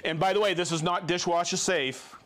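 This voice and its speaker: Excitable man hosting a live stream. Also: sits high, a little fast. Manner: excitable, bursts into shouts of joy; chatty, reads viewer shout-outs. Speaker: host of a live tool demo stream. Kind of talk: casual live-stream presenting.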